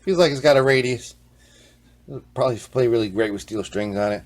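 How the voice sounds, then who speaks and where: Male vlog host, relaxed and rambling, peppers his talk with "man" and slips into low mutters. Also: fairly quick. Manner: laid-back, rambling, ends sentences with "man". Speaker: vlog host, guitar repairer. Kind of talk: casual workshop vlog.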